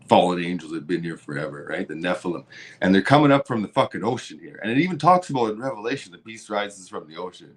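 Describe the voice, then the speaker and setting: A man hosting a podcast, ranting heatedly with constant swearing and repeated words. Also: fairly low pitch. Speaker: podcast host. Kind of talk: profane political rant.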